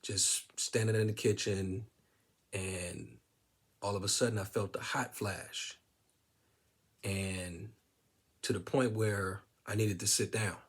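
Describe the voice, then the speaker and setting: A man casually telling a personal story to his viewers, relaxed, with many fillers and quoted bits of dialogue. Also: fairly low pitch, takes it slowly, pauses often, breathy edge. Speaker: vlogger sharing a personal story.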